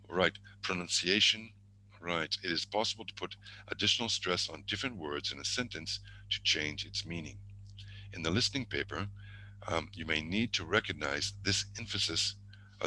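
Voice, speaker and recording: A man's voice: low-pitched, sharp tone, slight background noise, rough recording. A man teaching an online exam-prep lesson over a video call, thinking aloud and correcting himself as he goes, with murmured asides.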